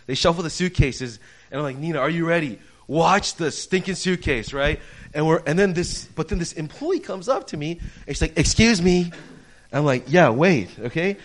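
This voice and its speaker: A young man preaching a sermon, telling a personal story in a conversational, animated way that swings from quiet to loud, with many fillers. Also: on the high side.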